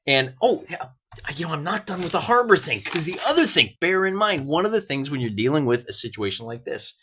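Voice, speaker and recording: A man's voice: on the high side, very animated, a little fast, sharp tone, slight background noise. An American man hosting a wargaming show, chatting casually through the game with folksy asides and restarts. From United States. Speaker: wargaming channel host.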